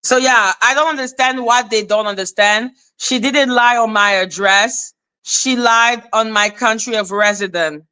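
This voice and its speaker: A woman's voice: a little high, measured pace, pushed and bright, clear, resonant tone. Blunt woman ranting on a livestream. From Canada. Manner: blunt, profane ranting, greeting chat viewers. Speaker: live-stream host. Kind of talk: live-stream commentary.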